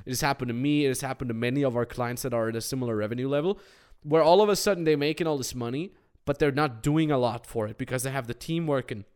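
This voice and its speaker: A man's voice: medium pitch, fast, clean tone. A man hosting a casual podcast as a business coach, telling stories animatedly and acting out what other people said. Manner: animated storytelling with acted quotes.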